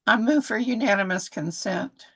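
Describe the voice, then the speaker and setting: A woman on a committee speaks briskly about motions and wording. Her voice sits at a middle pitch with a clear gravelly fry. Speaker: committee member. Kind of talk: meeting discussion.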